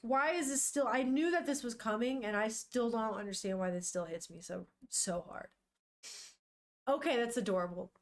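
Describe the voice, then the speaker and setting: A young woman streams herself reading a manga out loud, reacting as she goes. She talks in an animated, unfiltered way, swearing freely and laughing often as she greets her chat. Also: fairly high pitch, normal speed.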